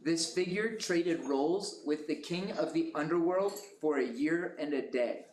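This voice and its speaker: A man moderating a school quiz bowl, reading questions slowly and carefully. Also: on the high side, darkish tone. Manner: slow, measured question reading. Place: school classroom. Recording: echoey room with noise.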